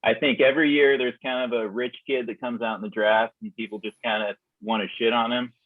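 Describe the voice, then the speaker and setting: A man on a podcast, talking football in a measured, analytical way. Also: medium pitch, flat delivery, dry recording. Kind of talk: casual sports chat. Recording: tinny phone-like call line.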